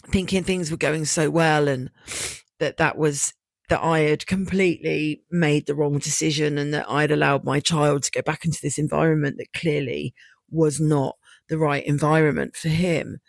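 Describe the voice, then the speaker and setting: A woman's voice: low-pitched, fairly even intonation, a little slow, creaky, no echo. Candid woman, dry close sound. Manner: candid, emotional storytelling with frequent swearing; reenacts her own past thoughts aloud. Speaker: podcast host. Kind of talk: personal monologue podcast.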